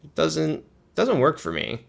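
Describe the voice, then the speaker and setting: A man's voice: fairly high pitch, sing-song, unhurried, creaky. A man hosting a casual reaction stream, talking loosely, swearing and laughing often. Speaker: livestream host.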